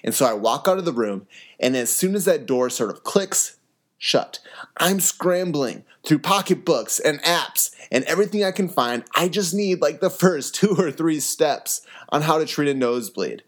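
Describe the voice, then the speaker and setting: A man's voice: fairly high pitch, expressive, normal speed. A young man, an emergency medicine resident, hosting an educational podcast and telling a personal story in an earnest way, acting out quoted dialogue. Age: young adult.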